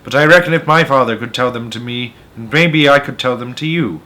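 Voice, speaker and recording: A cheerful, scheming poacher father, read aloud by a man from a storybook. He talks with lively, boastful relish in a bright, forceful voice, as if sharing a grand secret. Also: medium pitch, fairly quick, natural voice. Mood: secretive. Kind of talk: children's book read-aloud.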